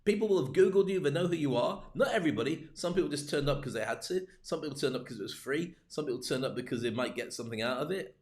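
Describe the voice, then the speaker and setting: A man's voice: on the high side, expressive, fast, few pauses, darkish tone. A man coaching on public speaking in a livestreamed talk, full of joking, rambling asides.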